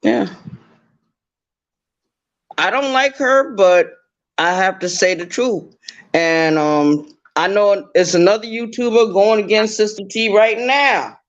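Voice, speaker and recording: A woman's voice: medium pitch, slow, long pauses. A woman calling in as a guest, giving blunt casual commentary and repeating her points for emphasis. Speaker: guest caller. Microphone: online call through a browser. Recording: dull lo-fi call audio.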